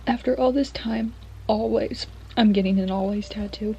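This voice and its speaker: A woman's voice: fairly high pitch, steady tone, normal speed, creaky, mellow, highs cut off, a little hiss or hum. A young woman book vlogger chatting casually, gushing and emotional, often dropping to a whisper. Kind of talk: casual reading vlog.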